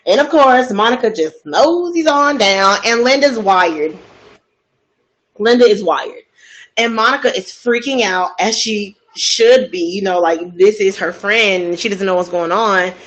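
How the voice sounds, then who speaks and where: A woman host telling a story in a casual, gossipy way, chatty and expressive, asking many rhetorical questions. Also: mid-range voice, unhurried, rough recording.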